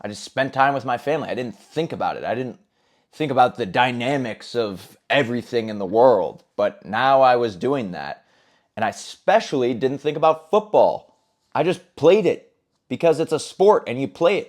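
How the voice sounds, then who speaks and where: A man's voice: mid-range voice, lively intonation, moderate pace, darkish tone. A man in his twenties speaking candidly and earnestly about his own experience in a casual, conversational monologue. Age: 20s. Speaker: self-improvement vlogger. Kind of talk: personal storytelling monologue.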